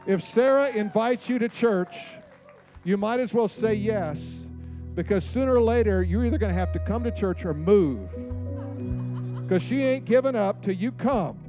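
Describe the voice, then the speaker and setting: A pastor preaching a sermon in an animated way, acting out the voices of the people he quotes. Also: high-pitched, moderate pace, music in the background.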